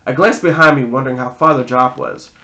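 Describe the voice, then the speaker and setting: A man reading a novel aloud in a plain, steady voice, restarting a few words now and then. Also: medium pitch, brisk, low-quality recording. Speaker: audiobook reader.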